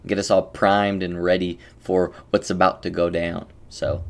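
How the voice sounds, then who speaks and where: Low-voiced young man chatting on stream. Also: lively intonation, moderate pace, few pauses. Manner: rambling, joking, greets chat by name. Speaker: streamer and game coach. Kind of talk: casual livestream chat.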